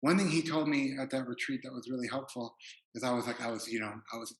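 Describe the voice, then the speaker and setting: A man's voice: medium pitch, fast. Man giving a casual dharma talk. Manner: casual, rambling, many "like" fillers. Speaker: meditation teacher. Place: retreat hall. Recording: roomy hall echo.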